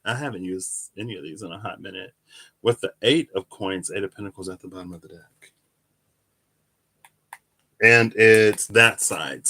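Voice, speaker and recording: This is a man with a fairly low, bright and forceful voice, talking through a casual tarot reading on his channel. He rambles, second-guesses himself and corrects his own words mid-sentence. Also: no echo. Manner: rambling, self-correcting, chatty. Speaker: tarot reader.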